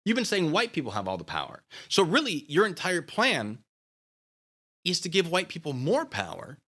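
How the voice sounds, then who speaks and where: Sarcastic guy ranting on his channel, bright voice, pitch bouncing all over. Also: huge pitch swings, moderate pace, slightly rough. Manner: taunting, sarcastic, goading. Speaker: channel host. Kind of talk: ranting commentary to camera.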